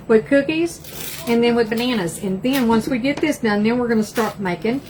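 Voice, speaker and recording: A woman's voice: a little high, moderate pace, poor audio. An older woman with an East Texas Southern accent, chatting folksily to viewers as she cooks live in her home kitchen. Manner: chatty and folksy, says y'all a lot. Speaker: cooking livestream host. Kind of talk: casual live cooking chat.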